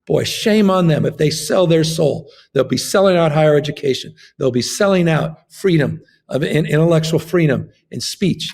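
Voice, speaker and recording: A man's voice: fairly high pitch, gravelly, a little mellow. A man, a governor, giving an impassioned political interview, emphatic and fond of repeating his phrases.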